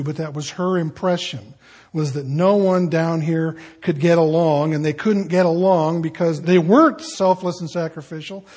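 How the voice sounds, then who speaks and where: A man's voice: high-pitched, breathy edge. A middle-aged man preaching a sermon as pastor, telling stories in a conversational way and acting out other people's lines. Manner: conversational storytelling, animated quoting of others. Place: church sanctuary.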